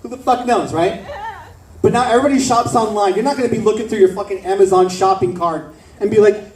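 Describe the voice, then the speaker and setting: A man from South Florida doing a stand-up comedy set, riffing brashly and profanely with quick asides to the crowd. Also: high-pitched, darkish tone, reverberant, recorded from a distance, poor audio. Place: comedy club stage.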